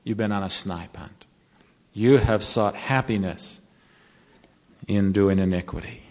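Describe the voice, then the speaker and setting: A man giving a sermon to college students, telling a folksy story and then slowing to earnest counsel. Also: lowish voice, darkish tone. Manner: storytelling, turning slow and earnest. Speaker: devotional speaker to college students. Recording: long reverb of a large hall.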